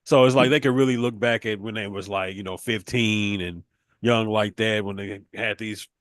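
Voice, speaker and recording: A man co-hosting a casual wrestling podcast, relaxed and laid-back, answering with short reactions and easy slang. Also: fairly low pitch, moderate pace, no echo. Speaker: podcast co-host.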